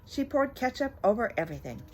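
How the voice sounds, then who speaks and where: A woman's voice: on the high side, sing-song, quick pace, darkish tone, poor audio. Older woman reading a bedtime story. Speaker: story reader, grandmother.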